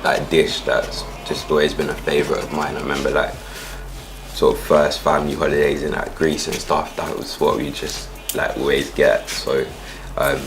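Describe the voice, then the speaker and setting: A man with a London accent, talking in a relaxed, reflective way as a guest. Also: very deep voice, normal speed, creaky. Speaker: music artist guest. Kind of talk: casual chat.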